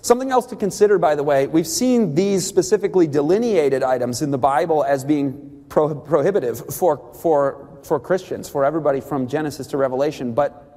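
A man giving an emphatic, animated talk on Bible diet rules, with quick asides and laughs. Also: on the high side, in a large hall.

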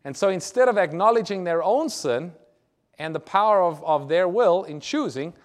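A man's voice: sits high, animated, normal speed. A man preaching a sermon, reading scripture aloud, explaining it and asking his listeners rhetorical questions. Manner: asks the audience rhetorical questions. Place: church or lecture hall with a screen.

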